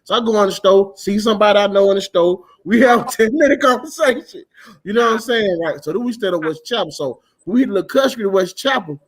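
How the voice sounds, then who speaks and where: A young man with a high-pitched voice hosts a casual talk show. He tells stories loudly and profanely, breaking into shouted bursts as the tale builds. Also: fast, husky. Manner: loud, profane, animated storytelling with shouted bursts. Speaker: podcast host. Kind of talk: casual storytelling chat.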